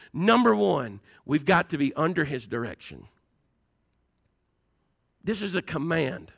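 A man's voice: high-pitched, gravelly, bright, forceful tone, dry recording. A man preaching a fervent sermon as pastor, firing rhetorical questions at his congregation.

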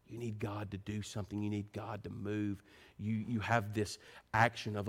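A man preaching a sermon. He moves between quiet, earnest pleading and animated storytelling. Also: moderate pace, husky. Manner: animated, rising to high excited pitch when telling stories.

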